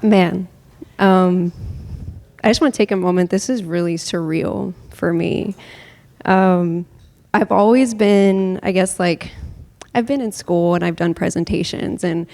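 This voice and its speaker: A woman's voice: on the low side, measured pace, gravelly, warm tone. A woman giving her personal story as a guest speaker on a church stage, hesitant at the start. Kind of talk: personal testimony.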